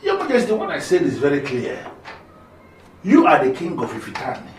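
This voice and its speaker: Deferential, earnest palace adviser, animated pitch. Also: male voice, fairly quick, slight background noise. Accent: Nigerian. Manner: earnest, pleading, exclamatory. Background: faint music.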